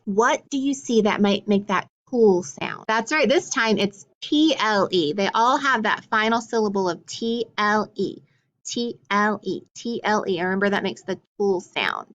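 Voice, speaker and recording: A woman's voice: medium pitch, expressive, measured pace, fairly bright tone. A woman teaching a phonics lesson to young children, with patient, sing-song call-and-response prompts.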